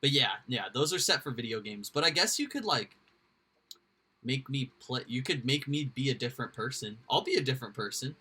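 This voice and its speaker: Rambling streamer man, bright voice. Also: mid-range voice, animated, fairly quick, breathy edge. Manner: rambling, swearing, talks to chat. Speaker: livestream host. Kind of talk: casual rambling stream chat. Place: indoors at home.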